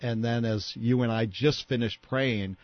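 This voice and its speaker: A man co-hosting a faith radio show, speaking in a reflective, halting way about God's care. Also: medium pitch, steady tone, no echo. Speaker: radio co-host. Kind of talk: casual faith chat. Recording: dry, slightly dull radio sound.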